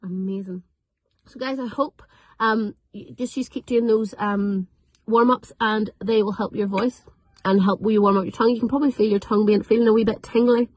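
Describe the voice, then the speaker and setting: A young woman, teaching children an online vocal warm-up class in an upbeat, encouraging way. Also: mid-range voice, fairly even intonation, no echo, low-quality recording. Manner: upbeat, encouraging, repeats drills slowly. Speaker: drama teacher. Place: at home.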